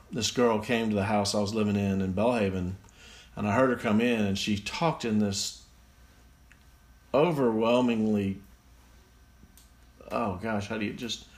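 Guy talking slow and low on his phone, sarcastic, poking fun. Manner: sarcastic, mocking, easily amused. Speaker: commentator reading slang definitions. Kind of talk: casual solo commentary.

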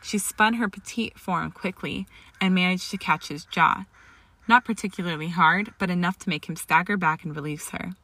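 This woman reads fan fiction aloud at an even, deliberate pace. Her somewhat low, gravelly yet bright tone comes through in a close, dry recording.

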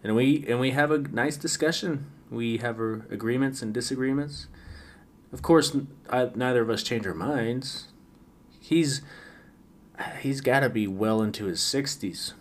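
A man's voice: medium pitch, unhurried. A man hosting a late-night solo podcast, rambling wryly with frequent stammered restarts. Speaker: podcast host.

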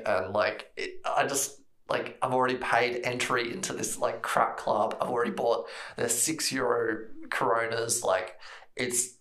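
A man's voice: mid-range voice, steady tone, normal speed, a bit bright, reverberant. Australian man telling a rambling story. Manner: rambling, laughs often, mimics people in stories. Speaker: podcast co-host. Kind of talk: casual storytelling chat.

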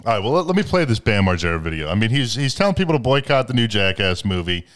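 This man's voice is on the low side and a bit bright, quick, with big swings in pitch. As a podcast host, he tells crude, profane, rambling stories packed with filler words.

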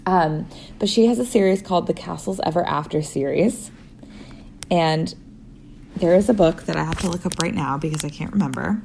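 Chatty giggly young woman, low-pitched. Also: normal speed, gravelly, warm tone, a little hiss or hum. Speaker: podcast co-host. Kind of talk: casual chat.

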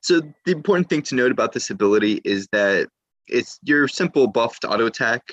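A man's voice: medium pitch, lively intonation, brisk, a bit bright, dry recording, muffled recording. A man co-hosting a gaming podcast, casually explaining strategy with some hesitations. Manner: explanatory, with fillers and restarts. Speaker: podcast co-host.

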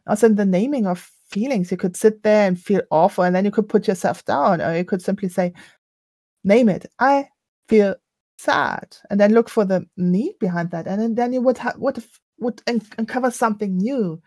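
Female co-host, thoughtful and soft-laughing, mid-range voice, very dry close sound. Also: mid-range voice, fairly quick, few pauses, no echo. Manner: reflective, gently laughing. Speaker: podcast co-host. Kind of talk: casual chat.

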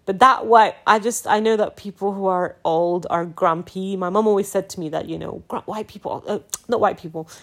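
A young woman hosting her own podcast, talking in an emphatic, exasperated and casual way, often breaking into laughs. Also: mid-range voice. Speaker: podcast host.

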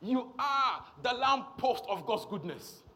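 A man's voice: very high-pitched, expressive, takes it slowly, bright, forceful tone. A man preaching a sermon, emphatic and repetitive, often checking in with the congregation.

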